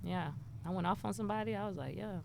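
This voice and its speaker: Animated woman telling stories. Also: mid-range voice, quick pace, creaky, a little hiss or hum. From Houston, Texas. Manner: animated, acts out quoted voices. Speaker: guest, rapper and poet. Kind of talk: casual interview storytelling.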